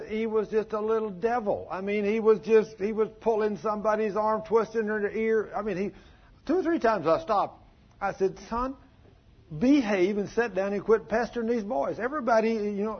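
A man's voice: a little high, dull audio. A man preaching a folksy sermon, full of stories and questions put to the congregation. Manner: folksy, plain-spoken, asks the audience questions.

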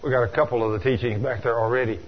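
A man's voice: mid-range voice, fairly even intonation, racing, husky. A man preaching a folksy story sermon, acting out dialogue, over a dull lo-fi radio broadcast. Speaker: preacher, church deacon.

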